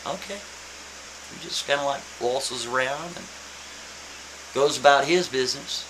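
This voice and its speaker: A man telling a story in a casual, animated, emphatic way, repeating his points. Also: mid-range voice, normal speed, pauses often, rough recording. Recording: faint hiss.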